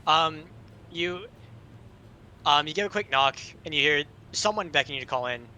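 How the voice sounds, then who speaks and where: Bright-voiced man running a tabletop game. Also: fairly high pitch, normal speed, slight background noise, poor audio. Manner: relaxed, hesitant with fillers. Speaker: game master.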